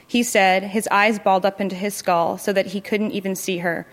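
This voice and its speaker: A woman narrating a literary short story in a measured, even storytelling manner. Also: medium pitch. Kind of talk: literary fiction reading.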